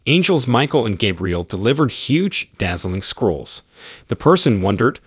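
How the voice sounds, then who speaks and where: A man narrates in a low, slightly husky voice, his pitch rising and falling with real movement. He sounds close and dry, no room around him. His telling stays earnest and solemn throughout. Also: very animated, unhurried, no room sound. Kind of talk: scripted spiritual narration.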